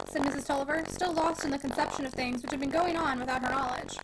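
A woman reading a classic novel aloud in an expressive audiobook narration. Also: sits high, quick pace, creaky, hardly any pauses. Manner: expressive, dramatic. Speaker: audiobook reader. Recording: noisy home recording.

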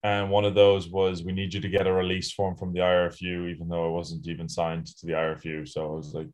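A man co-hosting a casual podcast, telling rugby stories in a relaxed way with fillers and laughs. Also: deep voice, fast talker. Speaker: podcast co-host, rugby sevens player.

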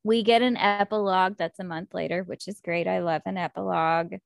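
A woman's voice: fairly low pitch, steady tone, fairly quick, vocal fry, no room sound. A woman co-hosting a casual book discussion, retelling scenes with emotional, gushing enthusiasm. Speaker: book podcast co-host.

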